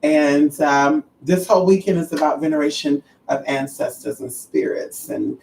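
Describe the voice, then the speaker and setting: A livestream host chatting casually with viewers, sassy, animated and profane, calling listeners honey and girl. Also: medium pitch, moderate pace, creaky, slight background noise. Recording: roomy and distant from the mic.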